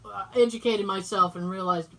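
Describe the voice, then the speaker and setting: A woman's voice: mid-range voice, steady tone, normal speed, pushed and bright. A woman co-hosting a podcast, telling a story in casual chat, acting out quoted dialogue and swearing freely. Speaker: podcast co-host. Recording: voice distant from the mic.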